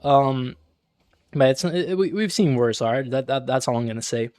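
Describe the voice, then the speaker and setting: A man's voice: mid-range voice, animated, normal speed, darkish tone, no echo, clean studio sound. Laid-back young man rambling over gameplay. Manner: laid-back, rambling, slangy, many fillers and restarts. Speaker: gaming channel host. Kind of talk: casual gameplay commentary.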